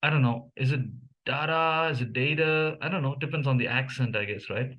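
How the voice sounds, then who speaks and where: A man's voice: medium pitch, fast talker, fairly bright tone, dull audio. A young man from India with an Indian English accent, whose first language is Malayalam, musing casually with many fillers and restarts. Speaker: language vlogger. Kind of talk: casual commentary reviewing memes.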